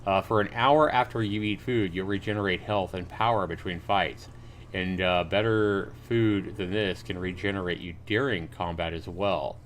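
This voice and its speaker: A man's voice: low voice, a bit bright, a little hiss or hum. A man live-streaming a game, reading on-screen text aloud and chatting casually with viewers as he plays. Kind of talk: live gameplay commentary.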